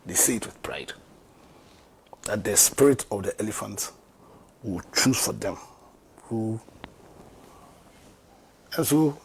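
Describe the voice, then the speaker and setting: Ghanaian man, political commentator, gravelly voice, rhetorical and emphatic, faint background noise. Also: fairly low pitch, expressive, slow, pauses often. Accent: Ghanaian English. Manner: rhetorical questions, growing emphatic and forceful.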